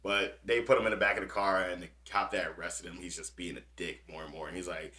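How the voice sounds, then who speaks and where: A man's voice: low-pitched, flat delivery, quick pace, few pauses, sharp tone, breathy edge. A man hosting a podcast, reading news stories aloud with small stumbles and commenting on them bluntly with plenty of cursing. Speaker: podcast host.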